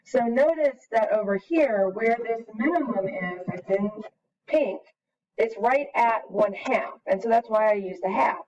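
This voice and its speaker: A woman's voice: fairly high pitch, measured pace, a little mellow, distant mic, lo-fi sound. Woman teacher explaining math step by step. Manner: patient step-by-step explaining, thinking aloud. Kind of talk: recorded screen lesson.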